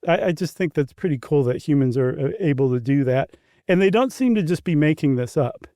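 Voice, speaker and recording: A man's voice: fairly high pitch, lively intonation, a little fast, mellow, no room sound, studio quality. A man co-hosting a casual podcast, explaining things in an easygoing, chuckling way with loose asides. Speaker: podcast co-host. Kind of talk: casual conversational podcast chat.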